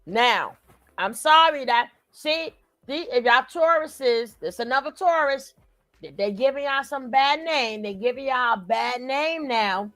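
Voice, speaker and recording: A woman hosting a reaction channel, giving unhurried commentary and talking straight to her viewers. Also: high-pitched, animated, a bit bright, soft background music. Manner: unhurried, talks to viewers directly.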